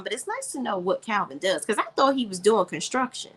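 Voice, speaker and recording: A woman's voice: on the high side, brisk, few pauses, breathy edge. Sassy woman recapping a TV episode. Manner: sassy, animated, drops in quoted dialogue. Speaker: TV show reviewer. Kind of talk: casual recap and commentary.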